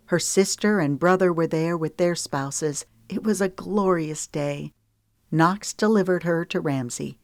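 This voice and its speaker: A woman narrating an audiobook in an even, measured storytelling manner. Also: sits low, no room sound, clean studio sound.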